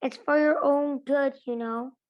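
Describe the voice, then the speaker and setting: Woman reading a cheeky sing-song poltergeist, high and unhurried. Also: steady tone, highs cut off. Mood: taunting. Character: mischievous male poltergeist, gleeful and taunting.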